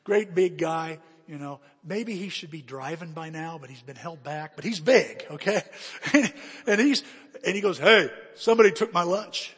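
Preacher guy, high husky voice, animated storytelling, big church echo. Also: unhurried. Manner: animated, repeats himself, drops to hushed appeals. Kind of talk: sermon storytelling.

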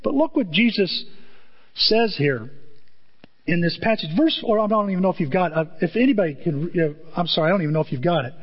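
Animated guy preaching, acts out stories, muffled recording, big echoey hall. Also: sits high, fairly quick. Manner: animated, acts out scenes in voices. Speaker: pastor. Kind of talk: sermon. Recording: dull recording in a large reverberant hall.

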